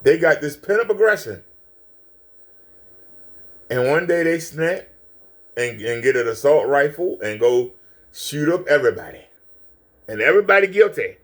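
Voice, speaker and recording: A man's voice: on the high side, expressive, measured pace, pauses often. A man hosting a reaction video, ranting profanely with taunts and insults at someone in a clip. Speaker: channel host reacting to a clip.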